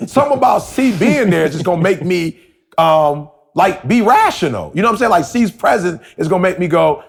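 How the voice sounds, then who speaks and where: Husky, animated man telling a story. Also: on the high side, a little fast. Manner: animated storytelling, repeats himself. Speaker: podcast co-host. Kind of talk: casual podcast talk.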